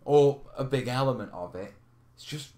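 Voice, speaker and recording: A man's voice: mid-range voice, lively intonation, normal speed, darkish tone. A man hosting a live question stream, chatting casually, laughing and reading out viewer comments. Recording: roomy echo.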